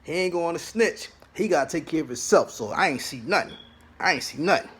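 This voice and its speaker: A man voicing a shaken, grieving man in a husky voice. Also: fairly high pitch, expressive, a little fast, fairly bright tone. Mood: defiant.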